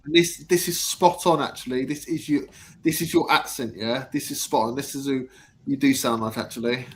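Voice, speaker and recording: Man host, mid pitch, hesitant, lots of "um", reads chat aloud. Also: moderate pace. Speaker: livestream host reading comments. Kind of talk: casual chat.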